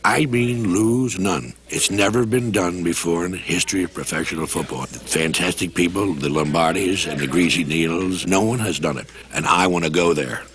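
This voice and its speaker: An older football coach with a low, deep voice speaks bluntly and with confidence. His tone stays matter-of-fact even when he talks about big ambitions. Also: moderate pace, hardly any pauses. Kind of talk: documentary interview.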